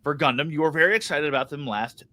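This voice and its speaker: A man's voice: on the high side, quick pace, pushed and bright. A young man co-hosting a podcast, ranting heatedly and swearing a lot in casual chat. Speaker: podcast co-host.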